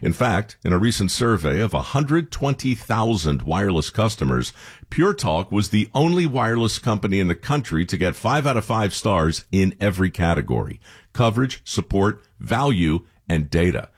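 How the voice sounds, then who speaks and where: A man voicing a radio commercial in a folksy, emphatic way, his low voice carrying a husky edge. His pitch swings widely as he stresses the pitch points. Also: very animated, moderate pace. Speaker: ad spokesman. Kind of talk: scripted radio ad read.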